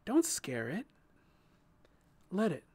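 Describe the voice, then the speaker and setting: A man voicing a cheerful, gentle male sunflower in a storybook, speaking softly and teasingly. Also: high voice, sing-song, moderate pace, no room sound, voice pushed up. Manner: soft, warm and teasing. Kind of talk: storybook narration.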